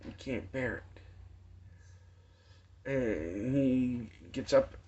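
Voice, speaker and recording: Male preacher, unhurried and halting, retells a parable; muffled low-fi sound. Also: mellow, a little hiss or hum. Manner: slow, halting storytelling with restarts and acted quotes. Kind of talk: informal sermon retelling a parable. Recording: dull lo-fi sound.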